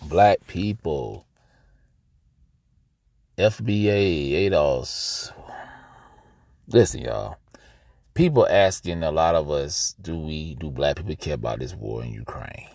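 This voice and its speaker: A man's voice: rumbling low, lively intonation, takes it slowly, vocal fry, long pauses, a little mellow, no room sound. A young adult American man with an African American accent, hosting a casual podcast monologue outdoors and talking straight to his listeners. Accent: African American English. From United States. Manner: conversational, addresses listeners as y'all, emphatic. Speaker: podcast host.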